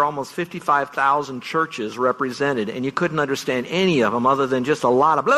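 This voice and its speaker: A middle-aged man pastor delivers an earnest farewell sermon, telling stories and leaning hard on single words. His voice sits at an ordinary middle pitch. A long reverb trails each phrase through a large church sanctuary. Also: fairly quick, hardly any pauses, pushed and bright. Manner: earnest, storytelling, stresses words for effect.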